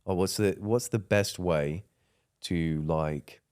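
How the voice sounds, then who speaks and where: A man's voice: low-pitched, slow, a little mellow, clear, resonant tone. A man co-hosting a podcast in casual chat, easygoing, agreeing a lot and chiming in. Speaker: podcast co-host.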